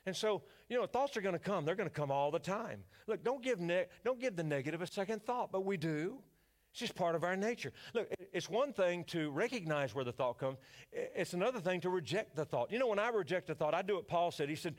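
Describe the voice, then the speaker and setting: A man preaching a sermon in church, building from calm teaching to fervent declarations and prayer. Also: high-pitched, fairly quick. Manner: preachy call-and-response, rising to fervent declarations. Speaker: pastor.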